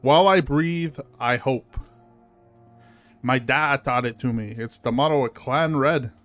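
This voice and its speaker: A man's voice: medium pitch, unhurried, a bit bright, faint music behind. A man streaming a video game, chatting casually with fillers and reading the game's text aloud. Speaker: gaming streamer. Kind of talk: casual let's-play commentary.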